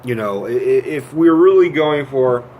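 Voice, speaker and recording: A man giving a casual, profane film rant. He retells scenes with lively quoted voices and gets animated as he goes. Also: mid-range voice, unhurried, narrow, tinny audio, a little hiss or hum. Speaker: movie reviewer.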